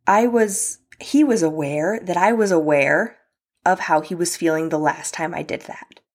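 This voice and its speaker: A young woman speaks straight to her listeners in a relaxed solo podcast about relationships. Her voice sits a little low for a woman, and her delivery is candid and conversational, with fillers and an occasional swear. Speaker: podcast host.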